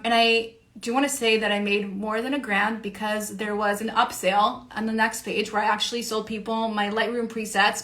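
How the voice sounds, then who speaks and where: Slightly high-voiced woman, rambling and profane. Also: pushed and bright. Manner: rambling and profane, heavy use of "like". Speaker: online creator and educator. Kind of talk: casual monologue.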